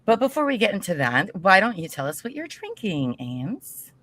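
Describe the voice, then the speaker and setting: A woman's voice: medium pitch, big pitch swings, normal speed, fairly bright tone. A woman co-hosting a podcast, chatting in a playful, teasing way. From US Midwest. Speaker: podcast co-host. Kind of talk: casual podcast chat.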